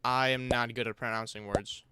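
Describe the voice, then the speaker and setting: A man's voice: medium pitch, steady tone, normal speed, music in the background. Rambling young male game streamer. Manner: rambling, joking, slangy, answers chat. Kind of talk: casual livestream chat while gaming. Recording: loud background noise.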